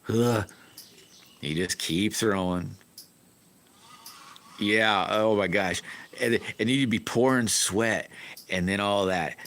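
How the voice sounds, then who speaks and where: A man's voice: low voice, a bit bright. A middle-aged man, telling rambling, folksy stories in a casual live stream chat.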